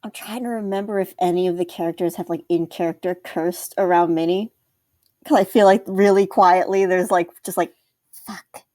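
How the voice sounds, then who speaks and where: A woman's voice: fairly low pitch, fairly even intonation, brisk, a little mellow, dry recording, studio quality. A woman playing a tabletop game, chatting and thinking aloud about her character. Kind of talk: casual tabletop play chat.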